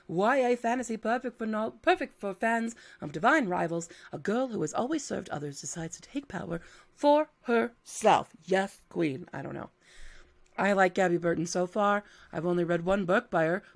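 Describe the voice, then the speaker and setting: Woman, scratchy-voiced, chatty and playful; casual book roundup host. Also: lowish voice. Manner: chatty and playful, thinking aloud. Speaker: book content creator.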